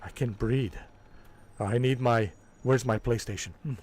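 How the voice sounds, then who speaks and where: A man's voice: medium pitch, fairly even intonation, measured pace, a little mellow, close to an everyday voice. A man putting on the voice of a whiny, anxious male console fanboy, stammering and breathless as a mocking send-up on a game stream. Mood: panicky.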